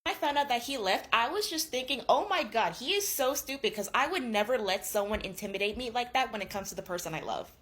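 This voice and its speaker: A young woman in her twenties casually recapping a book, gossipy and animated, swearing freely. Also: a little high, quick pace, hardly any pauses. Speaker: booktuber.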